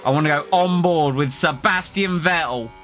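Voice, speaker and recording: A man's voice: on the high side, normal speed, a bit bright, faint music behind. A man streaming a racing management game, chatting casually and reacting aloud to the game and his chat. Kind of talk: casual live-stream commentary.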